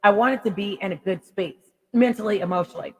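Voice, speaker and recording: A woman life coach giving an animated motivational radio talk, laughing often and acting out little quotes. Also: medium pitch, fast, husky, big-room sound, poor audio.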